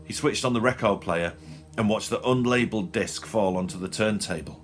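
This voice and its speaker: A man reading a short story aloud in a dry, expressive storytelling manner. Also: lowish voice, normal speed, soft background music. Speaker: narrator. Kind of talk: audiobook reading.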